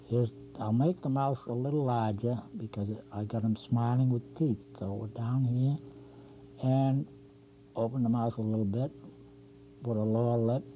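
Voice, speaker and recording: A man of ordinary pitch hosts a cartooning lesson, talking his way easily through every line he puts down. The sound is dull and lo-fi, like an old public-access TV tape, with a faint hum beneath him. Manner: chatty, narrates each stroke as he draws. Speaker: drawing instructor and show host. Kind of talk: step-by-step drawing lesson.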